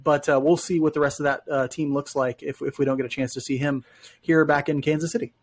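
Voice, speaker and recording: A man co-hosts a sports podcast, speaking fast in a fairly high voice with fairly even intonation. The talk is casual sports chat, and his manner is friendly and self-deprecating.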